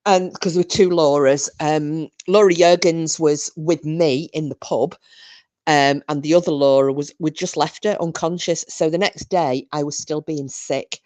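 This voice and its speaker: A woman's voice: low voice, fairly even intonation, a little slow, darkish tone. A woman, chatting casually with her viewers on a live stream and telling rowdy drunken stories with plenty of swearing.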